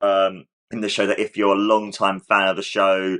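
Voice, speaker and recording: A man with a somewhat low voice gives casual reaction commentary as the host of his own channel. He rambles enthusiastically, stringing thoughts together with frequent "like" fillers. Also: completely flat delivery, moderate pace, fairly bright tone.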